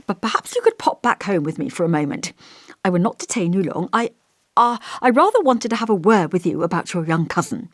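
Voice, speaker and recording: A woman reading an audiobook and voicing a kindly, hesitant male village vicar with a gentle, scholarly voice. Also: lowish voice, animated, a little fast, no room sound, studio quality. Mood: genial. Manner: kindly, hesitant, over-polite. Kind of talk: audiobook character voice.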